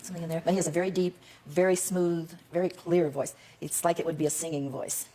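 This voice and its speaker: A woman's voice: lowish voice, steady tone, quick pace, warm tone, a little hiss or hum. An older woman, a guest on a TV talk show, giving earnest answers to the host's questions.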